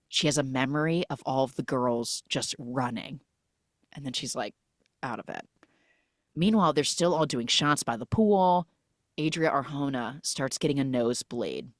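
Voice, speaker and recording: A woman hosting a podcast, recapping a film in a casual, animated storytelling way and acting out the characters' lines. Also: rumbling low, normal speed, dry recording, studio quality. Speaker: podcast host.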